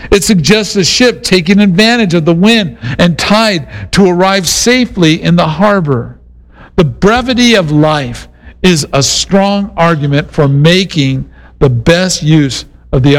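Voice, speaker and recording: A man's voice: fairly high pitch, poor audio. A middle-aged man preaching a sermon in a casual, conversational way, mixing Bible teaching with a personal story. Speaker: pastor.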